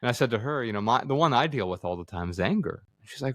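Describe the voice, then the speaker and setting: A man's voice: mid-range voice, animated, fast, no room sound, studio quality. A man in his forties, a podcast guest, telling a personal story in an earnest, reflective way and acting out quoted dialogue. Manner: earnest, acts out quoted dialogue, frequent fillers. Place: studio room with others present.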